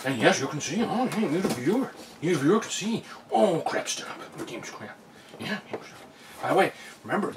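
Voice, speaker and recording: A man's voice: medium pitch, big pitch swings, fairly quick. A man doing a sarcastic unboxing vlog, ranting about the packing and mocking the product text. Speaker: unboxing vlogger. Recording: distant mic, noisy room.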